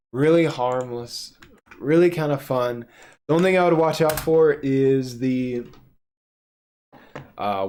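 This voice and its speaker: Male streamer, offhand and jokey, with a lively, up-and-down delivery. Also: medium pitch. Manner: joking, offhand, crude asides. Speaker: streamer reading webtoons. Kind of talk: casual live-stream commentary.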